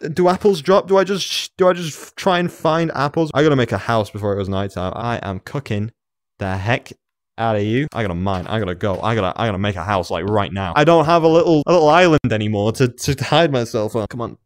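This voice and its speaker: A man in his room at home, narrating his own gameplay as he plays. He talks to himself in quick bursts, laughs often, and jumps from muttering to excited yelps. There is a physical, on-the-move energy to his talk. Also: medium pitch. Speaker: gamer. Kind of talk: let's play commentary.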